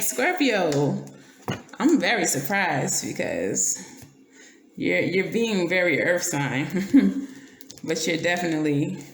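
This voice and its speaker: A woman with a gravelly edge to her mid-pitched voice gives a casual tarot reading. She talks bluntly, swears freely and keeps asking "okay?" The sound is roomy, with faint noise under it. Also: fairly bright tone. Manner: blunt and profane, laughs often, checks in with "okay?". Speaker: tarot reader.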